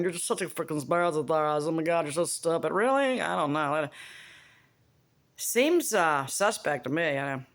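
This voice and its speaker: A woman's voice: deep voice, fairly bright tone. A woman talking in a casual, rambling monologue, blunt and profane, often making buzzing sound effects. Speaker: vlogger.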